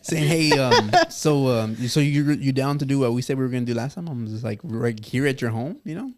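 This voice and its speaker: A man's voice: mid-range voice, fairly quick, a crowd in the background. Guy on a podcast telling a wild story, keeps laughing, does everyone's lines, middle-of-the-road voice. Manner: animated, laughs through the telling, acts out dialogue. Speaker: podcast guest. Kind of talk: casual storytelling.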